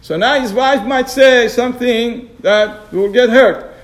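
High-voiced man giving a Torah class. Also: a little slow. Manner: chuckling, asks rhetorical questions, acts out quoted excuses. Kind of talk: informal Torah lesson on radio.

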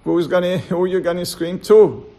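A man teaching a Torah class, telling a parable in a halting, storytelling way and chuckling as he acts out the dialogue. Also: high voice, fairly even intonation, warm tone. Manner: halting, fillers, slow and deliberate. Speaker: rabbi.

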